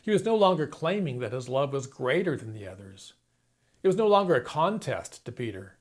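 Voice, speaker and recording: A man's voice: mid-range voice, sing-song, fairly quick. A man preaching a sermon, retelling a story dramatically and acting out the quoted lines. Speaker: pastor.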